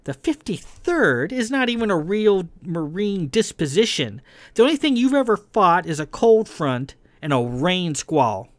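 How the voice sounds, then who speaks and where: Hot-tempered young woman officer, pitched high and loud, condescending, read by a man in a dry booth. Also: expressive, slow pace, few pauses, no room sound, full character voice. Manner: condescending, shouting and mocking.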